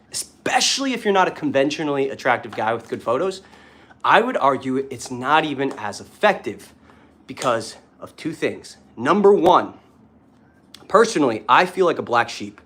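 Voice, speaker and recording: A man's voice: mid-range voice, a bit bright. A young man talking casually and with swearing in a vlog while doing push-ups, a bit out of breath. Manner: casual, profane, talks between push-ups. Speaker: dating coach.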